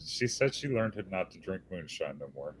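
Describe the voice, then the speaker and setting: A man's voice: low voice, sing-song, moderate pace. A man making laid-back, dry remarks in a casual chat. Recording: loud hiss and clicks.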